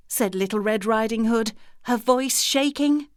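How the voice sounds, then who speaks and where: A woman narrating a children's storybook in an expressive, sing-song way. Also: mid-range voice, a little slow, few pauses, clean tone, no room sound, clean studio sound.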